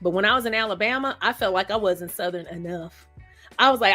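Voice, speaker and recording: Fairly quick and a little high, a woman's slightly bright voice carries a live stream over soft background music. As host, she reads viewer comments, welcomes people by name and laughs often in casual chat.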